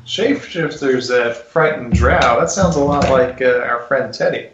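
A man's voice: medium pitch, normal speed, reverberant, lo-fi sound. A man playing a tabletop game, speaking bluntly and suspiciously. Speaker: player. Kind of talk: tabletop play chat.

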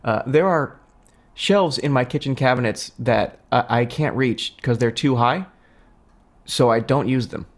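A man co-hosting a comedy podcast, talking in a halting, dry way full of uh and um. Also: mid-range voice. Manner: hesitant, lots of filler words, dry. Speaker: podcast co-host. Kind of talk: casual comedic chat.

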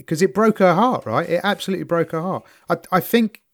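A man's voice: high-pitched, fairly quick. A man in his fifties co-hosting a podcast, chatting casually, laughing often and acting out voices in his retellings. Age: 50s. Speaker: podcast co-host. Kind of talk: casual chat.

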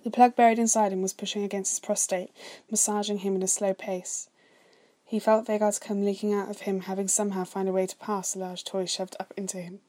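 A woman narrating fan fiction aloud in a steady, soft-spoken reading voice. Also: medium pitch, fairly quick. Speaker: story reader.

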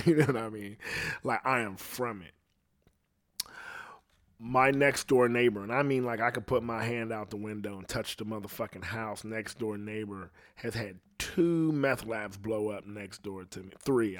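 Profane, animated male storyteller. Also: on the low side, unhurried, no room sound, studio quality. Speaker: podcast host. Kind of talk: storytelling podcast chat.

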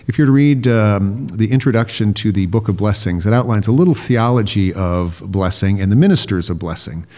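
Low-voiced man explaining liturgy. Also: lively intonation, mellow. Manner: explanatory, measured with fillers. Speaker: podcast co-host. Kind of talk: casual chat.

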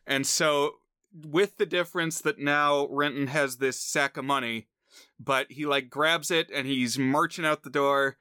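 A man with a bright, smooth, slightly raised voice discusses a film on a podcast. He gets animated and acts out bits of scenes. The recording is dry and close. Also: medium pitch, no room sound. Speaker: podcast co-host.

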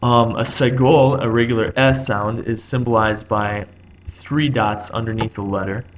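Man explaining with many pauses. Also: medium pitch, steady tone, lo-fi sound. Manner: thinking aloud, with frequent ums and restarts. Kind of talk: unscripted explanation.

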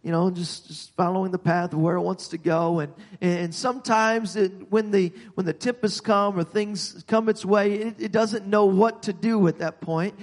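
A man preaching a sermon, halting and repeating words, growing emphatic as he goes. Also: sits high, fairly even intonation, in a large hall.

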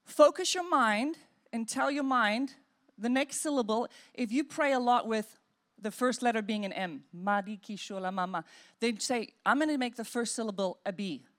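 Woman pastor with a high voice, animated preacher who acts out inner dialogue. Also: moderate pace. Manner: demonstrates praying in tongues. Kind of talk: sermon.

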